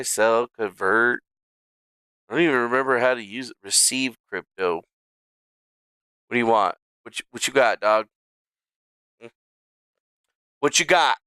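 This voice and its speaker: A man chatting through a live stream in an unhurried, drawn-out way, cursing freely and muttering before breaking into loud exasperated yelps. His voice is bright and crisp, recorded close and dry. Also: medium pitch, dry recording. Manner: profane, muttering, bursts into loud exasperated outbursts. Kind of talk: casual live-stream talk to himself and chat.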